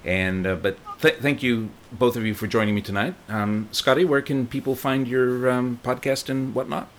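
A man's voice: medium pitch, fairly even intonation, moderate pace, fairly bright tone. A man from New Zealand with a Kiwi accent, hosting a casual chat show in an easygoing, lightly wry way. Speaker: show host.

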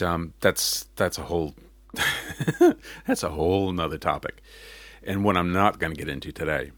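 A man's voice: low-pitched, dry recording. A man with a mixed accent talking through a casual, rambling monologue, often correcting himself and chuckling. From not New Zealand.

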